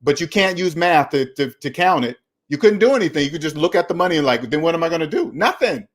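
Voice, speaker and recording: Man host, slightly high voice, emphatic and repetitive lecturing delivery. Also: expressive, fairly quick. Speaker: finance channel host. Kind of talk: casual opinionated talk.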